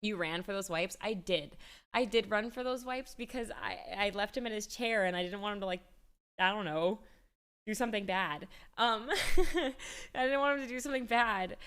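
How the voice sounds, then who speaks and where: A woman's voice: mid-range voice, normal speed, a bit bright, clear, resonant tone. A woman livestreamer in casual chat, rambling with frequent restarts and easy laughter. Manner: chatty and rambling, restarts often, laughs easily.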